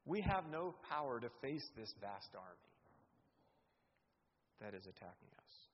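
A middle-aged man preaching as a guest in a church sanctuary, earnest and emphatic, swelling louder on key words. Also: medium pitch, big pitch swings, unhurried, a little hiss or hum. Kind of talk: sermon. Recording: echoey hall, dull lo-fi sound.

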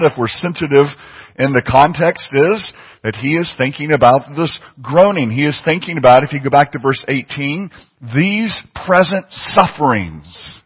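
A man's voice: on the high side, husky. A man preaching a sermon, emphatic and fond of repeating phrases for stress. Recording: muffled audio with long hall reverb.

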